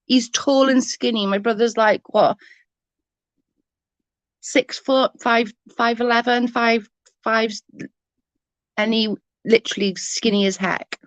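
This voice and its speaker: A woman's voice: fairly high pitch, steady tone, takes it slowly, long pauses, no room sound. A woman, telling rambling stories with lots of giggles as she chats with her livestream viewers. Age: 40s. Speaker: livestream host. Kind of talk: casual chat with viewers.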